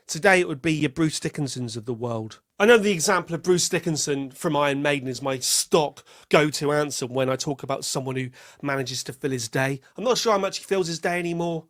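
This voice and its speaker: A man's voice: a little high, fairly bright tone, dry recording, studio quality. A man hosting a solo podcast, telling rambling wry stories and acting out quotes. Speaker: podcast host.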